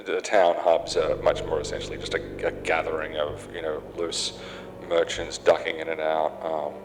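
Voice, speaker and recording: A man with a deep, low voice and an Australian accent, with a slightly nasal twang, talks loosely over footage of his own game. He drifts off on tangents and fills gaps with ums and uhs. A steady hiss of background noise sits under the voice. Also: normal speed. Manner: rambling and tangential, full of fillers. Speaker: game developer. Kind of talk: gameplay commentary. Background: game sounds and noise.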